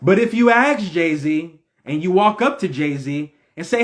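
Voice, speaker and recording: Guy preaching to his viewers, voice swings all over, slow and drawn out, asks lots of questions. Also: sits high. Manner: animated, preachy, rhetorical questions. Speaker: video host. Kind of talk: casual spiritual talk to viewers.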